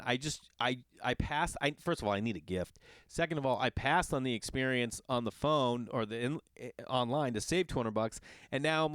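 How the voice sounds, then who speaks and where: A man who is a father, hosting a podcast and telling a long casual story in an animated, exasperated and profane way. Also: mid-range voice, clear, resonant tone, no room sound. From Los Angeles area. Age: adult with children. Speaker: podcast host.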